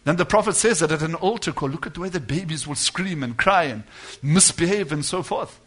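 Bright-voiced emphatic male preacher. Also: fairly high pitch, animated, brisk. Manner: emphatic, rising to loud declarations and dropping to quiet asides. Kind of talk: sermon.

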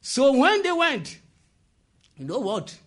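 A man tells a story while preaching, using call-and-response by asking "what?" so the congregation fills in the words, and interjecting "praise God" and "amen." His voice is very high with huge pitch swings, and he speaks slowly.

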